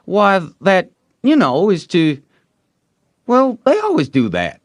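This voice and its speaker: A man's voice: sits high, wildly swooping pitch, slow, no echo, clean studio sound, pitched above the performer's own voice, exaggerated voice. A man doing Tom, an eager young boy. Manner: coaxing, boastful. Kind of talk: audiobook reading.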